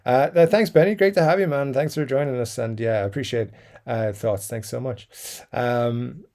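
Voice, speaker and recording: A man's voice: medium pitch, moderate pace, a little mellow. A man hosting a casual livestream, reading viewer comments aloud and rambling between them with lots of fillers and chuckles. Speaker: livestream host reading chat. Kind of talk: casual live-stream chat.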